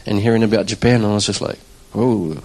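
Man sharing a lively church testimony. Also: on the low side, brisk, poor audio. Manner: conversational, animated storytelling with acted-out quotes. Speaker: church drummer giving testimony.

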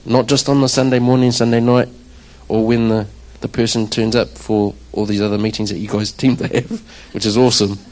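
Speaking briskly with hardly a pause, this man tells his congregation a conversational testimony, playing out his own reactions along the way; he's a church drummer. His voice is medium in pitch, and the recording is low quality. He tells it with animation and acts out the quotes.

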